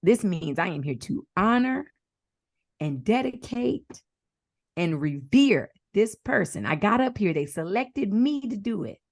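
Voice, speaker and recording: Co-hosting a casual podcast, a woman speaks in an unhurried, mid-range voice with studio-quality sound and no room noise. Her chat is animated and profane, and she slips into mimicked voices.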